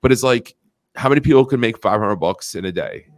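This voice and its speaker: Animated man telling sales stories. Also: fairly low pitch, brisk. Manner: animated, acts out quotes in a raised voice; frequent fillers and restarts. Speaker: podcast guest, insurance agent. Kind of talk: casual storytelling chat.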